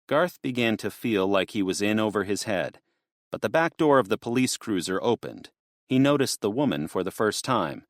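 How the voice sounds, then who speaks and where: A man narrating an audiobook in a steady, measured way. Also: deep voice, dry recording, clean studio sound. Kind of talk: scripted narration.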